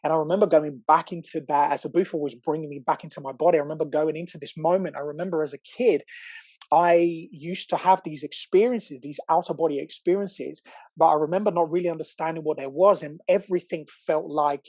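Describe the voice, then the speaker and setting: Excitable man with a husky voice. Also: fairly high pitch, brisk, no room sound. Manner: animated, excitable, swears, acts out quotes. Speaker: podcast guest. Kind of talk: casual storytelling chat.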